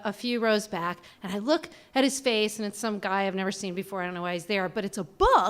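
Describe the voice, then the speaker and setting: A woman in her forties telling a personal story live on a small theater stage. Her voice is bright and slightly high, and she talks in an animated, self-deprecating way. She acts out the voices of the people she quotes.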